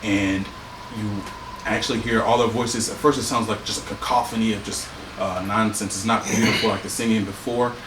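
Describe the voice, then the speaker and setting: A man's voice: on the low side, fairly even intonation, brisk. A man narrating a tabletop game as game master, in a loose, rambling way full of fillers. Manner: rambling, full of ums and likes. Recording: roomy, distant mic, background noise.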